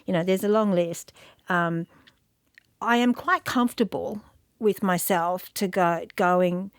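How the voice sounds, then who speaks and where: A middle-aged woman with a lower voice talks candidly as an interview guest, reflective and quick to poke fun at herself. She often restarts her sentences while she searches for the right words. The sound is close and dry, with no room around her. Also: steady tone, dry recording. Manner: self-deprecating, reflective, with frequent restarts and fillers. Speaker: guest, media industry CEO.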